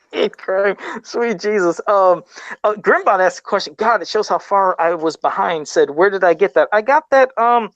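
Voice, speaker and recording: A man's voice: high voice, normal speed, a bit bright, no room sound. Guy reading chat comments, lots of uhs, dull dry lo-fi mic sound. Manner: hesitant, filler-heavy, reading comments aloud. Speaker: podcast host reading listener comments. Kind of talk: casual chat.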